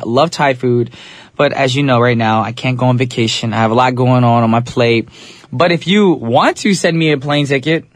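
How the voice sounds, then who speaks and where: A man's voice: a little high, no room sound. Upbeat male radio DJ, dry studio sound. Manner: upbeat, chatty, playful slang. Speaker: radio DJ host. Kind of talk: live radio DJ chat. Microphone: studio microphone.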